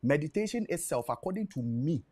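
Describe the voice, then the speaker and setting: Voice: medium pitch, lively intonation, fairly quick, darkish tone, breathy edge. A guest explaining spiritual ideas patiently, often checking that the listener follows. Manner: patient teaching, checks understanding. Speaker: studio guest.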